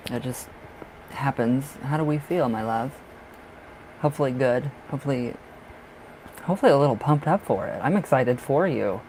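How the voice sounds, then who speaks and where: A man's voice: mid-range voice, normal speed, pauses often, a little mellow, poor audio. A chatty, effusive man reads tarot cards live for his viewers, gushing over their love lives and calling them darling. His voice sits in an ordinary middle range, with a faint hum of the room behind him. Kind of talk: casual live-stream chat.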